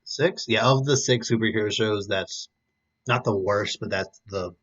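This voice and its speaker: Measured young man, muffled lo-fi audio. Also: lowish voice, fairly bright tone. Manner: measured, deliberate, weighs his words. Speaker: podcast co-host. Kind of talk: casual chat. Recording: dull lo-fi sound.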